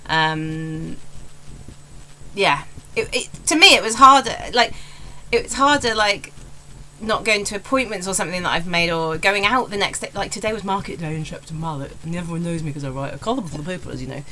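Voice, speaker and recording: A woman's voice: fairly low pitch, a little fast, sharp tone, a little hiss or hum, poor audio. An English woman in her forties, a stand-up comedian, talking candidly and rambling in a casual vlog. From England. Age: 40s. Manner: candid, rambling, self-deprecating.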